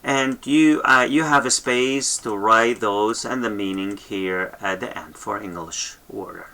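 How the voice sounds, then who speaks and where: A man teaching a language lesson, saying each sound slowly and more than once, with many fillers and checks of "okay?". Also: on the low side, sharp tone. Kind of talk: slow instructional lesson.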